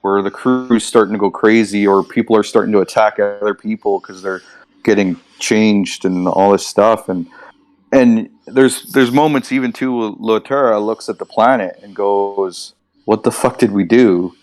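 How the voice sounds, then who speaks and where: Low-voiced man rambling through a plot. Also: fairly even intonation, moderate pace, dry recording. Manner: rambling, lists things, acts out quotes. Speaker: podcast co-host. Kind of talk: casual book discussion.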